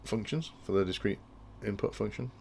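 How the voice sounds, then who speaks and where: Male tutor, deep gravelly voice, restarts sentences as he thinks aloud, faint background noise. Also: moderate pace, a little mellow. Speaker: instructor explaining industrial control. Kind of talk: technical tutorial walkthrough.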